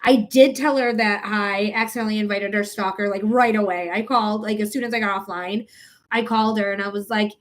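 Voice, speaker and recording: A woman's voice: medium pitch, steady tone, brisk. A woman chatting on a live stream as a psychic reader, rambling and frank, swearing freely as she talks straight to viewers. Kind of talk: casual live-stream chat.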